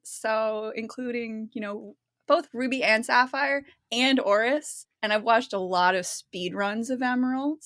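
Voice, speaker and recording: A woman's voice: a little high, measured pace, fairly bright tone, dry recording, studio quality. A woman guest on a casual gaming podcast, rambling and self-deprecating, giggling between phrases.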